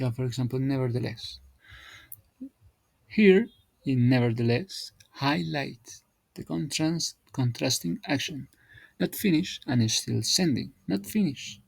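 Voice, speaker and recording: Male teacher walking through grammar drills; slow, halting, husky, restarts phrases, dry close sound. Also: mid-range voice, a little mellow, no echo, rough recording. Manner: halting, repeats and restarts words while explaining. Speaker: English teacher. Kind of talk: explaining grammar exercises.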